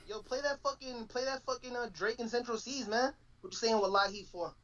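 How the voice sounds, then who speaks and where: Fast-talking excitable young man. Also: extremely high pitch, muffled recording. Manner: excitable, profane, stumbling over words. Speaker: podcast co-host. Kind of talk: casual chat on a live stream.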